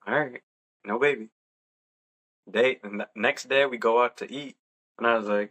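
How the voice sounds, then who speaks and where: A young adult man and podcast co-host, casually telling a personal story in a relaxed, chatty way and laughing along. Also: medium pitch, moderate pace, pauses often.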